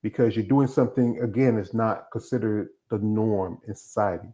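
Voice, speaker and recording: A man's voice: fairly low pitch, normal speed, mellow. A man hosting a casual interview, rambling and slipping into acted-out quotes. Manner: rambling, acts out quoted voices.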